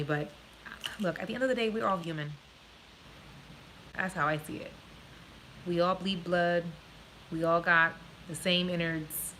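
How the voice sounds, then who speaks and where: Woman, New Jersey accent, blunt live-stream chatter, bright voice, light background hiss. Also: lowish voice, poor audio. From born in Puerto Rico, raised in New Jersey. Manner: blunt, frank, swears freely. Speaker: vlogger answering live viewer questions. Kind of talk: casual live-stream chat.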